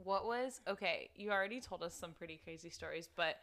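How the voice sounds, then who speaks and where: A woman's voice: lowish voice, brisk. A woman co-hosting a podcast, playful and joking in casual chat. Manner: playful, animated, jokes in put-on quotes. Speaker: podcast co-host.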